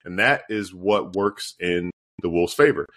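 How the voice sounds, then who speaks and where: A man's voice: deep voice, measured pace, fairly bright tone. A man co-hosting a sports podcast, chatting casually and playfully quizzing his partner. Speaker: podcast co-host.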